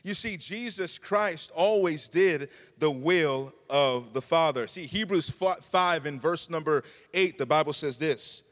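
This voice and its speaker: A man's voice: a little high, measured pace, hardly any pauses, a bit bright. A man preaching a sermon in a church, with a fervent, repetitive preaching cadence. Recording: long hall reverb.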